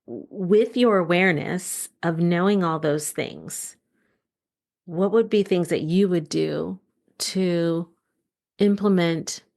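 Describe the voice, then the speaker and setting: Low, gravelly-voiced woman host. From United States. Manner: encouraging, asks open questions, many affirming "mm-hmm"s. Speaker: podcast host and mother. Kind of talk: casual conversation with her son.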